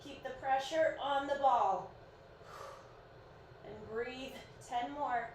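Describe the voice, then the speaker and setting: A woman's voice: high-pitched, slow, a little mellow. A woman in her thirties coaching a live-streamed workout, counting reps and cheering people on in a chatty, encouraging way while sounding a bit sleepy. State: sleepy, yawning. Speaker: fitness instructor. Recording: echoey room, voice far from mic, faint noise.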